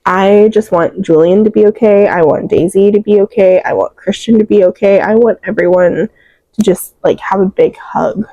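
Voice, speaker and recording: A woman's voice: medium pitch, fairly even intonation, moderate pace, warm tone, dry recording, highs cut off. A young woman chatting about books she read, emotional and rambling, full of fillers, close to tears. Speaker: book reviewer. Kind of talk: casual book wrap-up chat.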